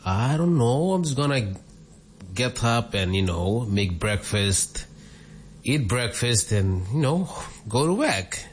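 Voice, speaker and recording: A man's voice: medium pitch, very animated, takes it slowly, slight background noise. A male caller chatting casually on a radio show, rambling and saying "you know" a lot. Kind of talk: casual phone chat.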